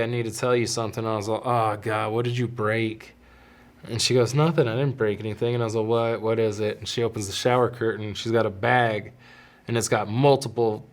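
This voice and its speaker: Candid man telling stories on his podcast. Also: mid-range voice. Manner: candid, rambling with frequent restarts. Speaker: podcast host. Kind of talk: casual storytelling.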